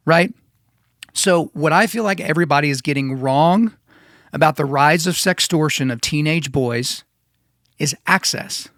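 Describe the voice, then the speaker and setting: A man's voice: on the high side, a bit bright, dry recording, studio quality. Emphatic man hosting a solo podcast. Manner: conversational, emphatic, repeats himself. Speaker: podcast host.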